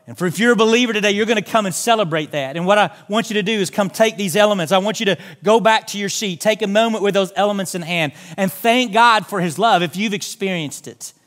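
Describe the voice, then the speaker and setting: A man's voice: high-pitched, fast talker, hardly any pauses, a bit bright. A pastor preaching a sermon in a church, making earnest, direct appeals to his congregation. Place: church sanctuary.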